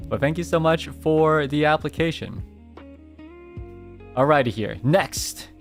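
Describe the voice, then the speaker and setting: A man's voice: a little high, animated, takes it slowly, gravelly, pauses often, soft background music. A man streaming casually, talking playfully in a rambling way, full of fillers and restarts. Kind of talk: casual livestream chat.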